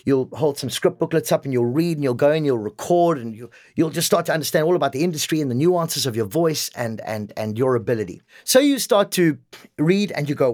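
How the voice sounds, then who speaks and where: A man's voice: a little high, animated, a little fast, dry recording, studio quality. A man who coaches voiceover, talking animatedly in a casual interview and slipping into example voices.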